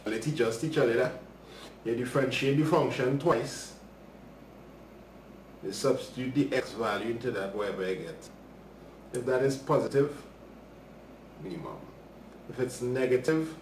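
A man's voice: medium pitch, expressive, moderate pace, long pauses, far from the mic, slight background noise. A man teaching a live maths lesson, chatting casually with viewers as he works through problems. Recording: roomy livestream audio from off-mic.

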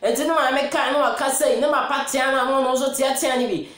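A woman's voice: sits high, steady tone, a little fast, a bit bright. A woman with a Ghanaian accent hosting a chatty news commentary, laughing often and mixing English in. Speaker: host. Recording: very echoey room.

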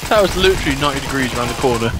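A man's voice: medium pitch, expressive. A man co-hosting a let's play, teasing his friend in casual, joking banter. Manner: joking, teasing, quick talker. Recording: gameplay gunfire and noise behind.

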